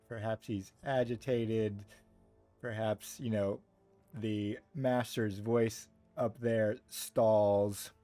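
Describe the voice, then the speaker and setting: A man's voice: on the low side, dark tone, dry recording. A man as game master, narrating a tabletop role-playing scene in a meandering, descriptive way with many fillers.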